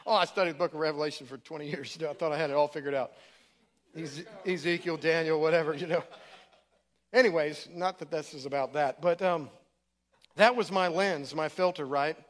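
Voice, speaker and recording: A man's voice: on the high side, steady tone, fairly quick. A middle-aged man preaching in a church, telling his story in a casual, conversational way. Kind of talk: sermon testimony.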